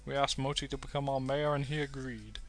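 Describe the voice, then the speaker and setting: A British man doing an elderly grandfather in a game, bright-toned and fond as he reminisces. He speaks in a plain, easy way. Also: medium pitch, fairly even intonation, fairly quick, close to an everyday voice. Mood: reminiscing. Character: old grandfather, village elder.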